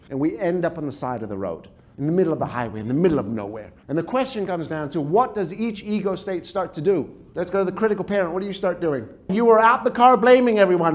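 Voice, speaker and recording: A man giving an animated workshop talk as a trainer, telling stories with sound effects and quizzing the audience. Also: high voice, a little fast. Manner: lively storytelling with sound effects and audience questions. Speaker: speaker and trainer.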